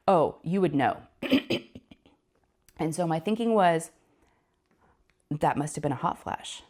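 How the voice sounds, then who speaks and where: Chatty woman in her fifties. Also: on the low side. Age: 50s. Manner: animated, chatty, laughs often, addresses viewers as y'all. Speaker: crafting channel host. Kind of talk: casual storytelling chat.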